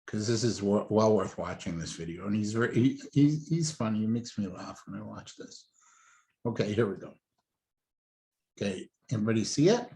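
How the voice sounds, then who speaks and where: A man's voice: fairly low pitch, expressive, normal speed, warm tone. Apologetic man running a webinar. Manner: apologetic, fumbling with the slides. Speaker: webinar host. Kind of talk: casual chat.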